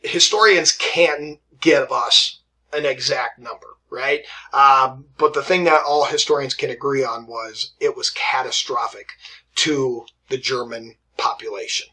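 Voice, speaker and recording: Animated man giving a history lesson. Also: mid-range voice, measured pace. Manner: conversational, says "right?" and "okay?" often; acts out historical figures' quotes. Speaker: history teacher. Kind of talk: classroom history lecture.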